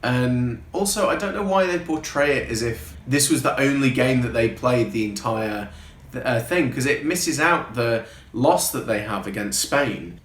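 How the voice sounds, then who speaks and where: This is a man talking through a film review in a loose, sarcastic way, dropping the odd swear word. His voice is mid-pitched. The room around him gives off a noticeable echo. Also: a bit bright. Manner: wry, sarcastic, casually swearing. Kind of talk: casual film review vlog. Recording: roomy echo.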